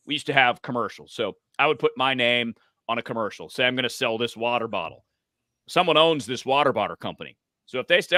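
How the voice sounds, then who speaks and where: A former radio man talks through phone-call tips in an easy conversational way. His voice is bright and forceful, recorded dry with no room sound. He lets his pitch rise and fall for emphasis. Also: no room sound. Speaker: podcast guest, voice coach. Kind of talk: conversational advice.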